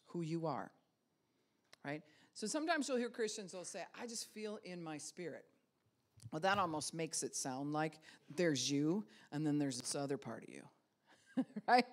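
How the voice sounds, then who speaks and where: A woman pastor giving a casual spiritual teaching talk, conversational, with many rhetorical questions and light laughs. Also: on the low side.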